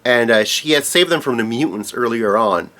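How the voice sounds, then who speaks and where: A man's voice: mid-range voice, animated, moderate pace, bright, forceful tone. Casual male recapper of a comic-book story, rambling and profane, with lots of self-corrections. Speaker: comics explainer.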